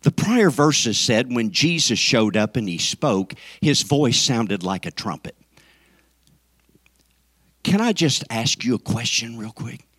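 A man preaching a sermon with fervor, swinging from shouted calls to the congregation down to near whispers. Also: medium pitch, sing-song, slow, slightly rough, no echo. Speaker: pastor.

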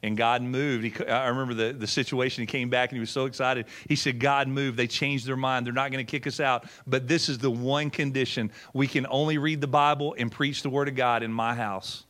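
A man's voice: medium pitch, fairly even intonation, fairly quick, hardly any pauses, a bit bright. A middle-aged man, a pastor, telling a story in a sermon in a folksy way, acting out quotes and often repeating words. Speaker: pastor and former missionary.

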